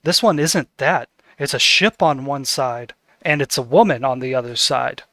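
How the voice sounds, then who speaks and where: A man's voice: mid-range voice, normal speed, sharp tone, dry recording, studio quality. A man narrating as game master of a tabletop game, setting scenes with descriptive narration and fillers.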